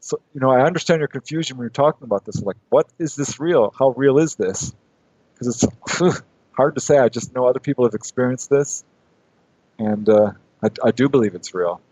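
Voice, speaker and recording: A man's voice: medium pitch, moderate pace, darkish tone, dry recording, muffled recording. A man talking as a guest on a radio interview, laughing often and acting out his own quotes.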